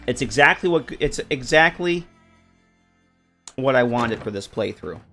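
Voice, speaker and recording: A man's voice: mid-range voice, lively intonation, unhurried, sharp tone, faint music behind. A man giving casual, joking commentary while streaming a game, often stumbling over his words.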